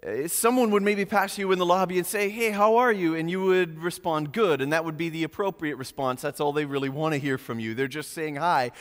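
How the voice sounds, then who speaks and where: A man preaching a sermon as pastor, earnest, slowing and softening on key phrases. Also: on the high side, big-room sound.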